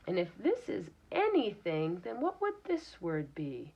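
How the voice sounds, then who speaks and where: A woman's voice: mid-range voice, big pitch swings, normal speed, hardly any pauses. A woman teacher reading a picture book aloud to young children, patiently explaining words and sounding them out. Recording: dull lo-fi recording.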